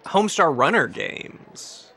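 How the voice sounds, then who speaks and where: A man's voice: fairly high pitch, sing-song, slow pace, gravelly, bright, forceful tone, slightly rough. A young man from Scotland, streaming a casino game and bantering jokily with his chat. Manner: joking banter with chat, reacting to wins and losses. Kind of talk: casual live-stream gaming chat.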